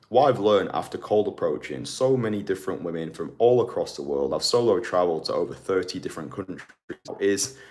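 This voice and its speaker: A man giving an emphatic, motivational dating-coach talk to camera, repeating his key phrases. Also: deep voice. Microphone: phone or camera mic.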